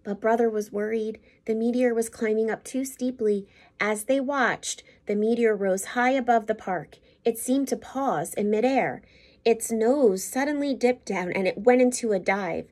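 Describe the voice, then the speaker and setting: A school principal, a woman, reading a picture book aloud to children in an expressive, teacherly way. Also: on the high side, measured pace.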